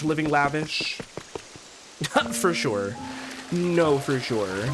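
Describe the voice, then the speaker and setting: A man streaming a video game, talking casually and campily to his chat with jokey asides. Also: fairly high pitch. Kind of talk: casual gameplay commentary. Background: game music.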